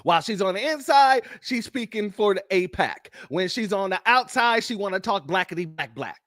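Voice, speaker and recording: High-pitched, blunt male commentator. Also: lively intonation, moderate pace, a bit bright, no echo, clean studio sound. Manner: blunt and mocking, fires rhetorical questions. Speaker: political commentary host. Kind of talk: ranting commentary on news clips.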